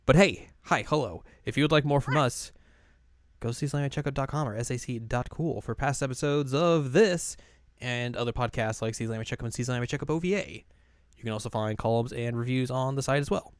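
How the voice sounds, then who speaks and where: A man's voice: medium pitch, fast, clear, resonant tone, no echo, clean studio sound. A young man co-hosting a podcast, chatting loosely about a show and acting out characters' lines in goofy voices. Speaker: podcast co-host. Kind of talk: casual chat.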